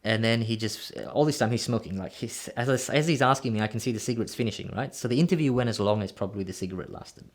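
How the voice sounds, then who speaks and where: A man telling a story in an interview, animated and acting out the dialogue he remembers. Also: mid-range voice, quick pace, hardly any pauses. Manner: animated, acts out quoted dialogue. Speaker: guest, real estate coach.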